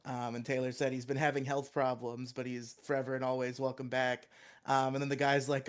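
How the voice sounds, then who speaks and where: A man's voice: mid-range voice, little pitch movement, fairly quick. A young man co-hosting a podcast, chatting casually, laughing often and adding joking asides. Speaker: podcast co-host. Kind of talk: casual chat.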